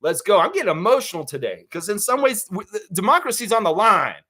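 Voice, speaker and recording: A man's voice: high voice, fast talker. A man hosting a live stream, talking casually and reading viewers' chat comments aloud, with blunt, profane opinions. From United States. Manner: animated, profane, talks straight at viewers.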